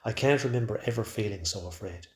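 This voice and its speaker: Quiet guy reading his story, lowish voice, echoey room. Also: fast talker. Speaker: narrator. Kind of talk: first-person story reading. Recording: roomy echo.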